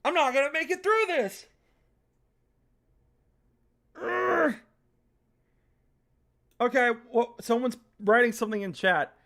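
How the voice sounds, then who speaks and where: A woman streamer ranting about the game she plays, with a bright, sharp tone that cuts through. She talks at an unhurried pace, dwelling on each word when she gets worked up, and swears freely. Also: high voice, creaky. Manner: ranting, exasperated, quick to swear; reads game text aloud in a flat voice. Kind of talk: live-streamed game playthrough with commentary.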